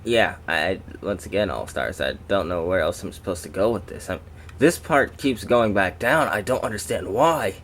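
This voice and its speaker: A man's voice: deep voice, lively intonation, normal speed, a bit bright, slight background noise. A man doing a casual toy review, rambling and breaking off into jokey asides to his viewers.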